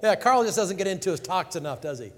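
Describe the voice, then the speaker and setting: A man's voice: high voice, very animated, quick pace, in a large hall. A man hosting, bantering jokingly and introducing the next speaker. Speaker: host.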